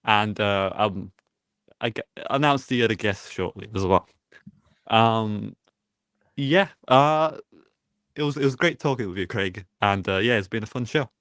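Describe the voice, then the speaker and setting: A man from the United Kingdom co-hosting a podcast, soft-spoken and low-key in casual chat. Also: unhurried, pauses often, no echo, clean studio sound.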